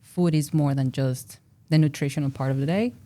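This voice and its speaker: A young woman with a Mexican accent, a native Spanish speaker, chatting expressively as a podcast guest who laughs loudly and talks a lot. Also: sits low, moderate pace. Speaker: guest researcher. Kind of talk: casual podcast interview.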